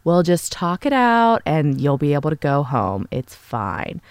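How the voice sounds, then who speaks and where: A woman's voice: sits low, very animated, a little slow, no echo, clean studio sound. A woman doing a coaxing old-school male detective. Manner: soothing, condescending. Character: smooth 1960s male detective, coaxing and calm.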